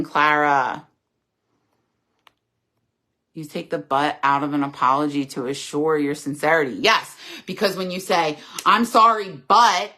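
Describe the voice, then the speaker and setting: A woman's voice: deep voice, bright, forceful tone. A middle-aged woman hosting a casual live chat, reading viewers' comments aloud and answering them earnestly and candidly.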